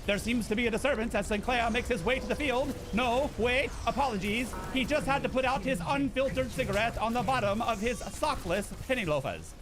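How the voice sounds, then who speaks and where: A man voicing an old-time male baseball radio announcer with a Mid-Atlantic broadcast delivery and booming, showy play-by-play. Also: a little fast, few pauses, music in the background. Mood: announcing. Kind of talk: comedic impression during a game stream.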